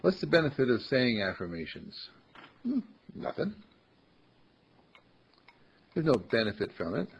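A man with a gravelly, husky voice teaching a small group on spirituality, speaking slowly and emphatically and repeating phrases like a chant. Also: mid-range voice, big pitch swings. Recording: dull lo-fi recording.

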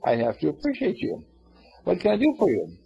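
A man with a gravelly, husky voice playing a big kindly male lion in a told story. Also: high voice, huge pitch swings, brisk, warm tone, pitched above the performer's own voice, full character voice. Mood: grateful. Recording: dull lo-fi recording.

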